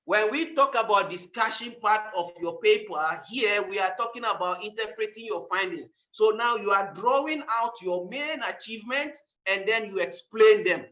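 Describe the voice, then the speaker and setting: A middle-aged male professor lectures on academic writing in a high, sharp, bright voice. He stresses his points by repeating them and tosses rhetorical questions at his listeners. The sound is dull and lo-fi, like an online lecture. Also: moderate pace, few pauses.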